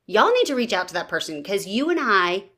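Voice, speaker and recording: Lively woman podcast host. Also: mid-range voice, brisk. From Baltimore area, US. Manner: lively storyteller, acts out quotes. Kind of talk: casual podcast conversation.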